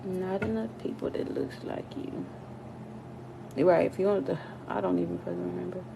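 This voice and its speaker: A woman vlogger telling a casual storytime rant, animated and profane, her voice jumping high and loud when she gets worked up. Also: normal speed, vocal fry, background noise.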